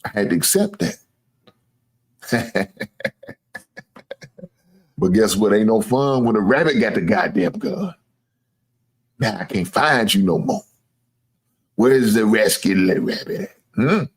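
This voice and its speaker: A sports show host rants casually to viewers, bragging, teasing, swearing freely and laughing at his own jokes. His voice is on the low side with a breathy edge, animated but unhurried, with frequent pauses.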